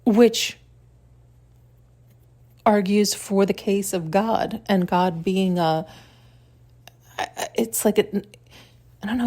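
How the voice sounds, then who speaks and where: A woman's voice: lowish voice, darkish tone. Musing woman host, reflective and searching. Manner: musing, searching, with pauses and self-corrections. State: tearful at times. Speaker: podcast host. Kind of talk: reflective spiritual monologue.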